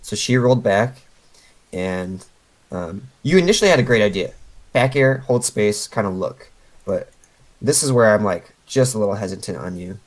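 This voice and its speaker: A man's voice: lowish voice, animated, normal speed, rough recording. A man coaching a player over a voice call, patiently explaining step by step with lots of fillers. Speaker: game coach.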